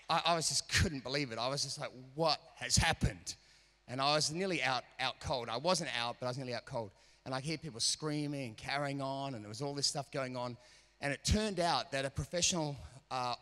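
Male pastor, bright and forceful, animated sermon delivery with acted-out voices, long hall reverb. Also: medium pitch. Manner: animated, acts out quoted voices. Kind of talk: sermon with storytelling. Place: church auditorium.

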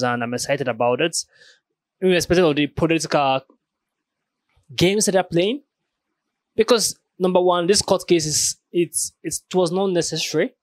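Repetitive higher-voiced male reactor. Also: no echo. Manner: repetitive, stacking emphatic repeats. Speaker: reaction channel host. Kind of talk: casual reaction and summary.

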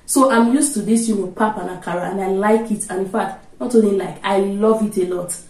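A woman's voice: mid-range voice, fairly quick. Casting: a chatty Nigerian-accented woman vlogger, echoey room, mic set back. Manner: lively and chatty, often laughing. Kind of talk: casual chat to camera. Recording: roomy, from a distance.

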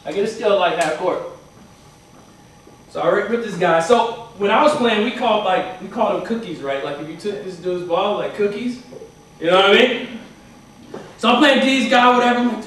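Heard from a distance in an echoey university hall with slight background noise, a male motivational speaker tells students a story in a chatty way, often asking "right?". His high-pitched, slightly bright voice moves at normal speed, and he pauses often.

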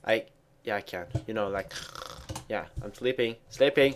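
A man's voice: on the low side, normal speed, crowd noise. A man giving casual let's play commentary while he plays, rambling and mocking himself with stumbling restarts. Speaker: gamer.

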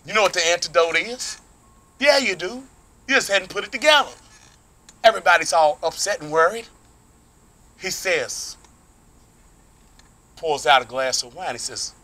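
A male pastor preaches outdoors with a lively, up-and-down delivery and a bright, forceful tone. His style is folksy and conversational, full of quick check-ins with the listener and bursts of excitement. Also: sits high. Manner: animated, folksy preaching with call-and-response asides. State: sweating in the heat. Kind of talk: sermon.

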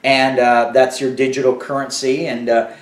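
A man's voice: mid-range voice, little pitch movement, normal speed, echoey room, far from the mic. A man teaching verse by verse in a loose, conversational way, full of fillers and asides. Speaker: Bible teacher. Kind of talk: casual Bible teaching.

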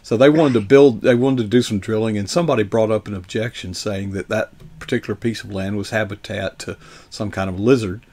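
A man's voice: on the low side, brisk, a little mellow. A man hosting an interview, rambling through childhood stories in casual chat. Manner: rambling reminiscing storyteller. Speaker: show host.

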